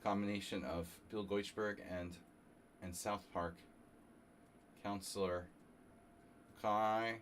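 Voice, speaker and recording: A man from New Jersey streaming a chess simul, thinking aloud in a halting, casual way and coughing now and then. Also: on the low side, steady tone, fairly bright tone, a little hiss or hum. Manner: halting, muttering through chess moves with fillers.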